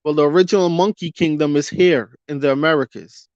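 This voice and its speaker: Man vlogger, slightly high voice, hot-headed rant full of rhetorical questions; dull lo-fi, dry sound. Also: a little mellow, no room sound. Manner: fiery, rhetorical questions, drawn-out emphasis. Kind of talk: ranting commentary monologue.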